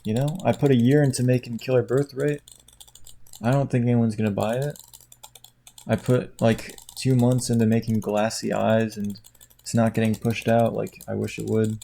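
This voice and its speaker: Tired guy rambling quietly at his computer, gravelly and dark, laughs a lot. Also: mid-range voice, little pitch movement, moderate pace. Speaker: video creator. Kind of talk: casual chat while clicking at a computer. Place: at home indoors.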